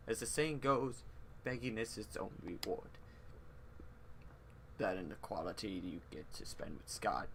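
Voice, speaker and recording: A man's voice: mid-range voice, gravelly, a little hiss or hum. A young man hosting a let's play, reading a dating game's text aloud with jokes and silly voices. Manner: joking, loud bursts of laughter, reads lines in silly voices.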